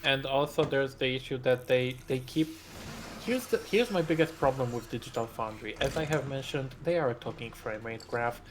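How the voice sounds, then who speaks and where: A man's voice: mid-range voice, moderate pace, a little hiss or hum. A man co-hosting a casual gaming stream, ranting with heavy profanity and strong opinions.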